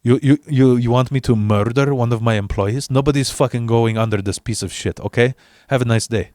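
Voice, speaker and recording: A man plays a pushy, no-nonsense mechanic who speaks in short, broken sentences. The voice is an ordinary middle pitch. The recording is dry, with no room sound. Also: a little fast, a little mellow, dry recording, natural voice. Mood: blunt. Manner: curt, broken phrasing, swearing. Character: blunt, pushy male mechanic.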